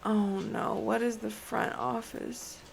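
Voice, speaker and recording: Her voice is fairly high and gravelly, slow-paced with little pitch movement. She's a young streamer playing a horror game and chatting casually into a desk microphone, jittery and often dropping to scared whispers.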